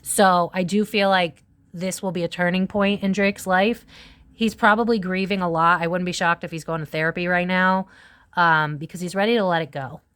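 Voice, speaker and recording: Female tarot reader, slightly low pitch, loose and chatty, swears freely and talks in "it's like" asides. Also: steady tone, normal speed, a bit bright, clean tone. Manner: rambling, profane, full of "it's like" asides. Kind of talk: casual psychic tarot reading monologue.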